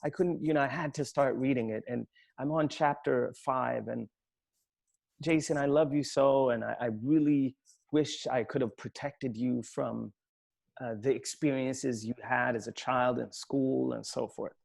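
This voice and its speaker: A man voicing his busy, loving older mother, quoting her in a breathless, rushed and emotional way. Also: mid-range voice, steady tone, vocal fry, darkish tone, dry recording. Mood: tearful.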